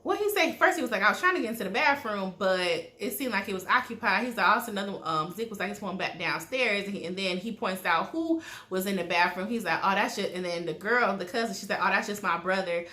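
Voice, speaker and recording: Bright-voiced woman, gossipy and profane episode recap, roomy echo. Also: mid-range voice, fast talker. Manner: blunt, profane, animated storytelling with quoted asides. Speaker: TV recap vlogger.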